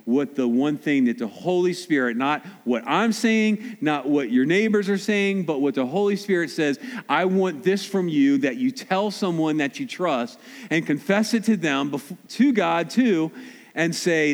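Animated pastor in a reverberant hall. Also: male voice, on the high side. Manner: swings from hushed, slow appeals to loud, fast, animated asides. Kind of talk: sermon. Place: church sanctuary. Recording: long reverb of a large hall.

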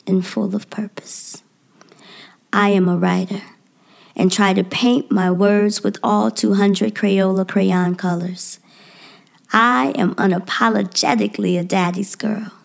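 A woman reading her own personal spoken-word piece in a measured, poetic delivery that drops to a soft near-whisper at the ends of lines. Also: mid-range voice, gravelly.

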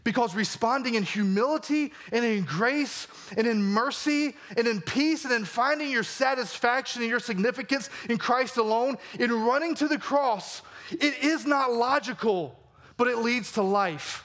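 A male pastor with a Southern American accent delivers a sermon in a high-pitched voice. His manner is earnest and conversational, and he keeps turning to his listeners with direct questions. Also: moderate pace, fairly bright tone. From Georgia, US.

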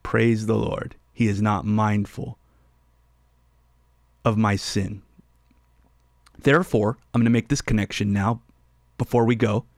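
A man's voice: fairly low pitch, steady tone, takes it slowly, creaky, pauses often, no room sound, clean studio sound. A man hosting a radio Bible teaching show with callers, speaking emphatically and repeating key phrases for stress.

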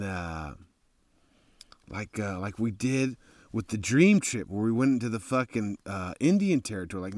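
Excitable, swearing man from Texas. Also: mid-range voice, no room sound. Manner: rambling, profane, excitable. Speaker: motorcycle traveler. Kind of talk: casual spoken travel story.

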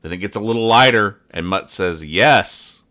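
A man's voice: lowish voice, expressive, normal speed, sharp tone. A man hosting a comedy podcast, reading comic strips aloud and joking, trailing off and putting on silly voices. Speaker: podcast host.

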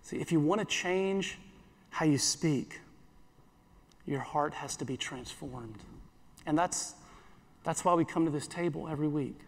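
High-voiced man preaching in a reverberant hall. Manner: earnest, repeats phrases, slows for quoted scripture. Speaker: pastor. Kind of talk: sermon.

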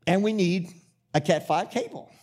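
A man preaches in a notably high voice. He wanders through a personal story with many restarts, then drives his points home with forceful repetition. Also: lively intonation, normal speed, slightly rough. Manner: rambling storyteller, building to emphatic repetitive preaching. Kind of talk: sermon.

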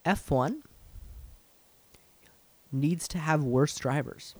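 A man's voice: fairly high pitch, extremely slow, darkish tone, no echo. A man co-hosting a casual chat, musing aloud and teasing his partner. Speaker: podcast co-host. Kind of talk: casual chat about motor racing.

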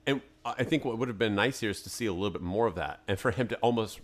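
Speaking quickly in a lowish voice, a male podcast co-host in a studio argues his take on a film, thinking aloud in a relaxed movie review conversation.

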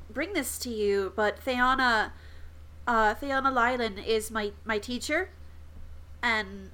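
A woman's voice: a little high, sharp tone, poor audio. A woman voicing her nervous young apprentice character in a tabletop game, stumbling and apologetic.

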